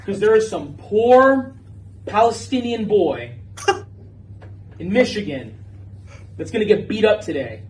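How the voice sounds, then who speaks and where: A man's voice: high voice, animated, slow pace, long pauses, distant mic, a little hiss or hum, rough recording. A man lecturing a class in an impassioned, preachy way, with frequent swearing. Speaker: teacher.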